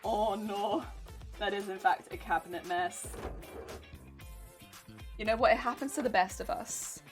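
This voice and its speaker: With a mid-range voice at a moderate pace, a crafting livestreamer from England chats playfully and casually with her audience in an English accent. She giggles, rambles, and reads the chat aloud while faint music plays behind.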